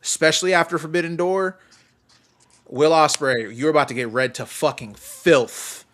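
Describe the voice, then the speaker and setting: A man hosting a casual wrestling podcast, excitable and profane, laughing often as he talks. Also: on the high side, normal speed. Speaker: podcast host.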